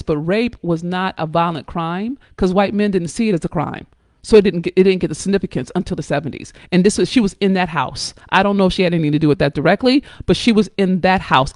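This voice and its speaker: A woman hosting a live stream, talking in an emphatic, blunt and profane way, with sudden jumps up in pitch and loudness and frequent check-ins with her listeners. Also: quick pace, no room sound, studio quality. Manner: coaxing, checks in with listeners often. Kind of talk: impassioned live-stream talk.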